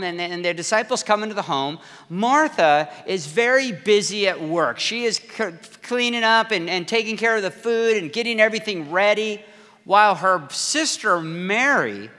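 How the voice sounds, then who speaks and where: Bright-voiced preacher in his fifties. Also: sits high, big-room sound. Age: 50s. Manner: energetic, conversational, talks straight to the crowd. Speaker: pastor. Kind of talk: sermon.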